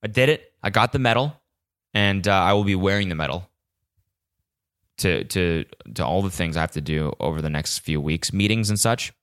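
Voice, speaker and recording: A young man from California hosting a casual solo podcast, animated and profane, mimicking the voices of others as he tells a story. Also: sits low, normal speed, clear, resonant tone. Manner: animated, swears a lot, mimics cheering voices. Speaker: podcast host.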